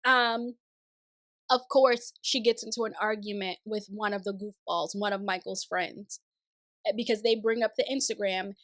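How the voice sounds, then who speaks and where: A woman's voice: medium pitch, fairly even intonation, moderate pace, a bit bright, dry recording, studio quality. A young woman recapping a reality show in casual, sassy commentary with exasperated, opinionated asides.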